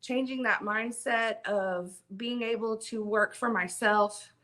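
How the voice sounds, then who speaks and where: Bright-voiced woman telling a story. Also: on the high side, takes it slowly. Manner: animated, emphatic storytelling with many fillers. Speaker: guest. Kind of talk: casual storytelling interview.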